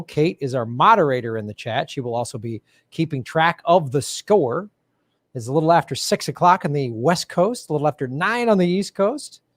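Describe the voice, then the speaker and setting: A man's voice: mid-range voice, no room sound. A man hosting a live-streamed political comedy game show, playing up a cheesy announcer voice.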